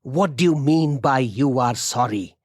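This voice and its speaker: Man playing a vengeful businessman, slow cold threats, dry close sound, audio story. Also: medium pitch, darkish tone, dry recording, lightly acted. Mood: menacing. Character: menacing, vengeful male businessman.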